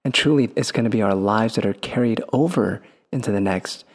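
An earnest male co-host reflects and then leads listeners in prayer. His voice is low and gravelly, with a husky edge. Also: a little fast. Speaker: radio show co-host. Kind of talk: talk and spoken prayer.

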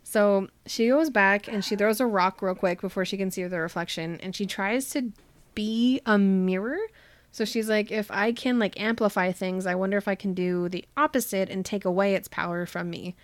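A woman's voice: medium pitch, fairly even intonation, normal speed, dry recording. Young woman, casual book recap, chatty and laughing, lots of "like", dry close sound. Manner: chatty, laughing, heavy use of "like", acts out characters' lines loosely. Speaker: podcast host retelling a book.

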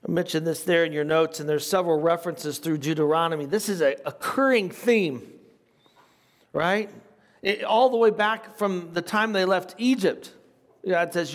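An older man teaches scripture in a relaxed, conversational way. His voice sits a little higher than most men's. He reads passages aloud and then adds informal asides. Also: moderate pace. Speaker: pastor teaching a Bible study. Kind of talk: sermon.

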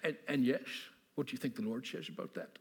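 Brief: man doing a gentle Dutch pastor, husky, quiet questions. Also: mid-range voice, fast. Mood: calm questioning. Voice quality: soft, mock-Dutch lilt. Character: calm older male pastor, gently questioning.

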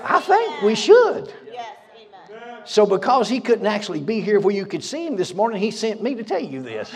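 A man's voice: sits high, very animated, a little fast, darkish tone. A man preaching a sermon as pastor, fiery and folksy, laughing between lines in a church. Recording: reverberant church hall.

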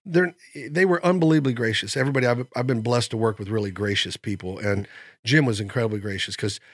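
A man on a podcast as a comedic actor guest, telling animated anecdotes in casual chat and acting out what people said. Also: medium pitch, fast, no echo. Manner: animated anecdote-telling, acts out quotes, frequent restarts.

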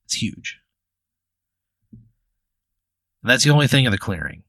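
A man's voice: medium pitch, very animated, slow pace, fairly bright tone, no room sound. A man narrating an improvised tabletop game as game master, casual and filler-heavy. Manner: casual, full of "like" and "you know".

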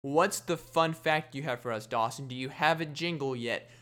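A man's voice: fairly high pitch, normal speed, pushed and bright. A man putting on an imaginary co-host who needles him with mock-concerned questions. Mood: teasing.

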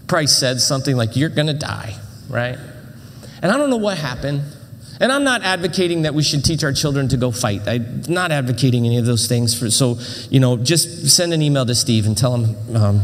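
A middle-aged man preaching with lively, dramatic storytelling, voice pitched a touch high. He restarts phrases and acts out moments as he goes. The sound rings with the long reverb of a church auditorium. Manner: animated, dramatic storytelling with self-interruptions. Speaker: pastor. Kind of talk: sermon storytelling.

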